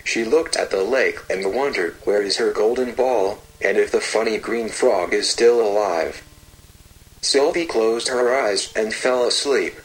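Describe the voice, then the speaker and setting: A man narrating a fairy tale slowly and gently, with repetitive storytelling phrasing. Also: on the low side, rough recording.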